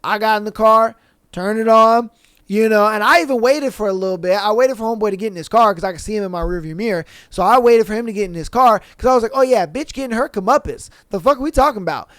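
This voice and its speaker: A podcast host with a high, smooth, clear voice spins a rambling personal story in loose, profane slang. He keeps slipping into the other people's voices as he goes. The sound is dry and close, with no room around him. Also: quick pace, a bit bright, no echo. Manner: profane, rambling anecdote with quoted dialogue. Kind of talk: casual storytelling.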